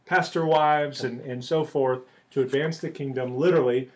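A man co-hosting a podcast in a loose, joking way. He rambles with lots of "uh"s, drops teasing jabs, and his voice sits at an ordinary middle pitch. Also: fairly even intonation, normal speed, a little mellow. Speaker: podcast co-host and church replanting author. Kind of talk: casual podcast chat.

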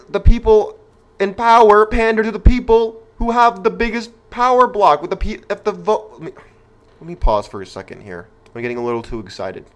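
A man's voice: high voice, clean tone. Emphatic man hosting a talk show. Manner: emphatic, rhetorical, addresses listeners directly. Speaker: podcast host. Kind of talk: opinionated podcast monologue.

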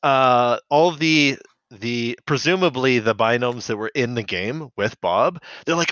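A man's voice: medium pitch, unhurried, fairly bright tone, dry recording. A man hosting a casual podcast recap of a cartoon, rambling and often laughing. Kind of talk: casual chat. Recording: dull lo-fi.

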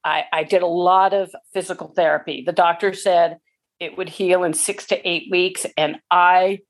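A woman's voice: fairly low pitch, steady tone. Emotional woman telling a personal story. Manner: emotional, halting, many restarts. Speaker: pickleball player.

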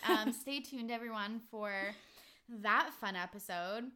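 A young woman from Canada hosts a relaxed podcast chat, her bright voice tumbling through stories with plenty of "like" and easy laughter. She talks loosely and warmly with a friend, never scripted. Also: a little high, a little slow. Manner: chatty, laughs often, heavy use of "like". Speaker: podcast host. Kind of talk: casual chat.

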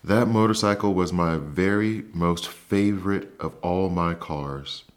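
Earnest storybook boy, a bit reproachful, low voice, read by a man. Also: a little slow. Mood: hurt. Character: earnest young boy, trusting then hurt.

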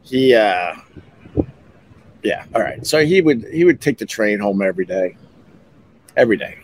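A man hosting a podcast, telling personal stories in a casual, heated way that jumps up in pitch when he gets riled. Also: lively intonation, normal speed, slight background noise. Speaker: podcast host. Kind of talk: casual storytelling monologue.

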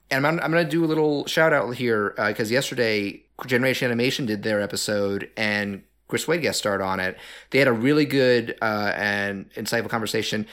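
A man co-hosting a podcast, talking casually about an animated film with lots of fillers and restarts. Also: medium pitch. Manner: chatty, many fillers and restarts. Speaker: podcast co-host.

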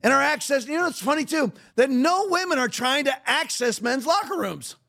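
Guy with a really high voice ranting on his podcast, blunt and mocking, hammers every point. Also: expressive, normal speed, creaky, pushed and bright. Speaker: podcast host. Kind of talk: opinionated podcast commentary.

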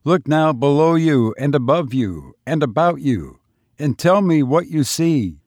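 A man voicing a calm, gentle male Bodhisattva who speaks in a reassuring way. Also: on the high side, a little slow, no echo, voice pushed up.

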